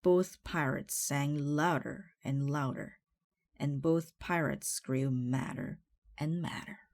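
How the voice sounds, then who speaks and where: A woman with a low voice reads a children's picture book aloud at a slow, careful pace. Her voice is close and dry, with no room echo. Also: darkish tone. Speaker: storybook reader.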